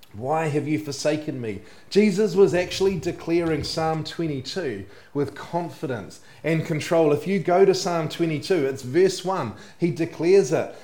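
A man preaching a sermon in an earnest way, often letting his phrases sink low and soft at the end. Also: reverberant. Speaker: pastor.

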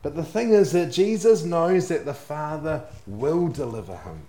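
A man preaching a sermon in an earnest way, often letting his phrases sink low and soft at the end. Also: lively intonation, normal speed, roomy sound. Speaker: pastor.

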